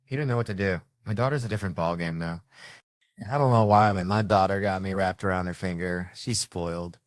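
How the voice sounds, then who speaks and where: Lively low-voiced male stand-up comic. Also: brisk, no echo, studio quality. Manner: animated storytelling, acting out family members. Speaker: stand-up comedian. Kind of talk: stand-up comedy routine.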